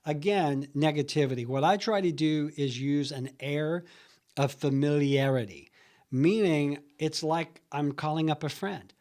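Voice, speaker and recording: A man's voice: on the high side, moderate pace, a little mellow. A man teaching real estate agents how to cold call home sellers, in a plain, conversational way that acts out both sides of his phone calls. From Huntsville, Alabama area. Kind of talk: training talk.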